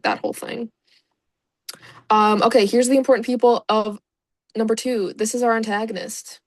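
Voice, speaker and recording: A woman's voice: mid-range voice, dry recording. A woman casually explaining in a vlog, rambling and sarcastic and swearing freely. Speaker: video creator.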